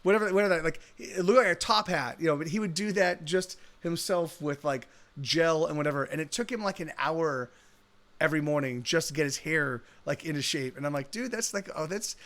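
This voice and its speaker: A man's voice: on the high side, a little fast, fairly bright tone. A man hosting a live music stream, chatting casually and rambling with many restarts and laughs. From Southern California. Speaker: streamer host.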